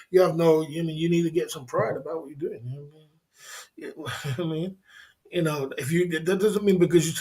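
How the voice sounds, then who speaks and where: Fast-talking man ranting on a livestream. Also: a little high, darkish tone. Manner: repetitive, emphatic, chuckling between points, keeps asking "you know what I mean". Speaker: livestream host. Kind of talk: casual livestream rant.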